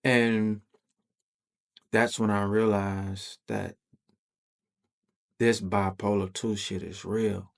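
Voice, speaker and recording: A man's voice: lowish voice, flat delivery, drawn-out words, gravelly, pauses often. A man hosting a podcast, telling a personal story in loose, slangy, profane conversational talk. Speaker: podcast host.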